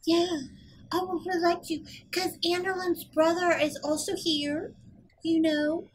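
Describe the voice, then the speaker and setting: A woman's voice: very high voice, level tone, measured pace, slight background noise, poor audio. A woman voicing a bubbly young female gnome from a swamp who chatters and rambles. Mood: chatty.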